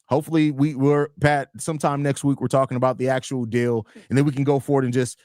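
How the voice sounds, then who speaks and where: A man co-hosting a sports podcast, talking fast and animated in casual banter, saying "bro" often. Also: medium pitch, no echo, studio quality. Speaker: podcast co-host.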